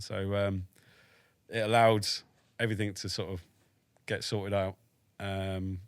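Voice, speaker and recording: In a dry recording, a British man around forty with a fairly low voice shares a story as a podcast interview guest. The ex-army man keeps it plain and matter-of-fact, with swearing and a dry sense of humour.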